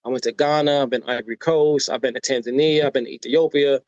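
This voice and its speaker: A man's voice: medium pitch, fast, no room sound. American man telling a story, dry and dull-toned. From United States. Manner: animated storyteller who acts out quoted voices and often adds "right?". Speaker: podcast guest. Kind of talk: personal storytelling in a podcast interview.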